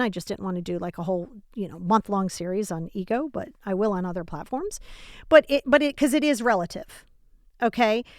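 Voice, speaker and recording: A woman hosts a self-help podcast from home, speaking casually and emphatically right to the listener and often asking rhetorical questions. Her mid-range voice is clear and resonant, with clean studio sound and no echo.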